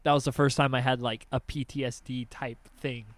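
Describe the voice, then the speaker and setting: A young man in casual chat, telling animated stories with lots of swearing and acted-out voices. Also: mid-range voice, a little fast.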